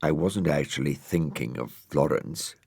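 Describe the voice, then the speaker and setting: A man's voice: very deep voice, a little slow, creaky, darkish tone, slightly rough, dry recording, clean studio sound, exaggerated voice. A man voicing a vain, fussy male dog with a pompous, huffy manner in a storybook reading. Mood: haughty.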